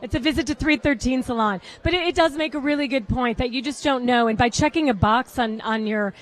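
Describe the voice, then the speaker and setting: Chatty red carpet host, woman, high voice, bubbly and easily sidetracked. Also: brisk. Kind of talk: live event hosting. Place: red carpet at a salon event.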